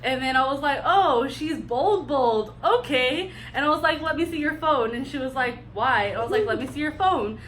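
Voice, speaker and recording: A woman's voice: high-pitched, fast, few pauses, a bit bright, a little hiss or hum. A young woman co-telling a storytime vlog, teasing and playful. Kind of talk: casual storytime chat.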